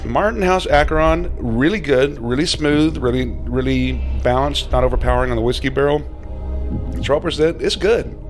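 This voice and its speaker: A man's voice: mid-range voice, moderate pace, soft background music. A man co-hosting a casual podcast, tasting beer and joking around. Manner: joking, teasing, laughs a lot. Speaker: podcast co-host.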